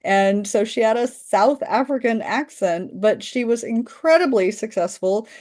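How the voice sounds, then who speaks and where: A woman's voice: a little high, lively intonation, a little slow, a little mellow. A woman training literacy tutors in a webinar, enthusiastic and rambling, with many restarts.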